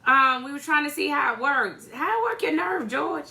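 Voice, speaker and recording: Woman co-host, bright tone, casual and teasing, talks to viewers from home. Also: sits high, moderate pace, gravelly, slight background noise. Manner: greets viewers by name, chatty and teasing. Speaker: co-host of a church livestream. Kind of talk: casual livestream chat.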